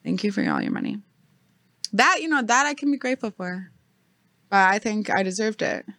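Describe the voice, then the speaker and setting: A woman's voice: mid-range voice, animated, a little fast, fairly bright tone, no echo. A young woman in casual podcast chat, blunt and swearing freely, laughing often.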